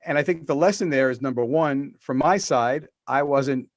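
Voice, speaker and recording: A man's voice: mid-range voice, moderate pace, dry recording, muffled recording. A middle-aged man, the guest author, telling stories in an interview over a video call and acting out the quotes he tells. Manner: animated storyteller, acts out quotes.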